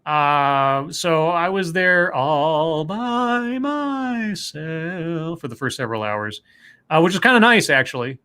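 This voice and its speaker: A man with a slightly high, clean-toned voice hosts a casual online talk show at a normal speed. He greets listeners and chats in an upbeat, animated style.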